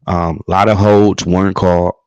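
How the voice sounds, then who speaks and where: On a livestream he co-hosts, this man launches into a profane, repetitive, heated rant about his team in casual sports talk. His voice is low and clean with a level tone and moderate pace, and the recording is muffled but has no echo.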